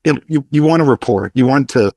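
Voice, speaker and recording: A man's voice: mid-range voice, fairly quick, a little mellow, no room sound, studio quality. A man in a casual hallway chat explaining a point to other DJs.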